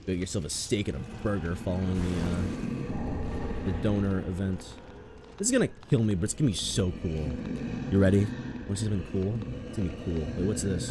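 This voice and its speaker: A man's voice: low voice, fairly quick, long pauses. Rambling man streaming a game. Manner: rambling and animated, with sudden yelps. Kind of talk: casual gameplay commentary. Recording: noisy stream recording.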